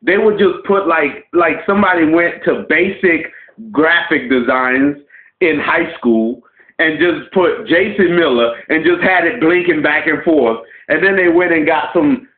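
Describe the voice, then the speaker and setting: A man's voice: a little high, a little slow. A man hosting his own wrestling commentary vlog, ranting scornfully with profanity and breaking into laughs mid-sentence. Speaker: wrestling vlogger. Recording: tinny phone-like sound in an echoey room.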